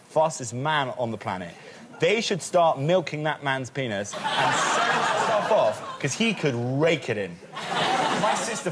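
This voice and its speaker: A man on a comedy panel show telling rambling, bawdy comic riffs, in a television studio before a live audience. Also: a little high. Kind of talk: comic storytelling. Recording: studio audience laughter, noisy.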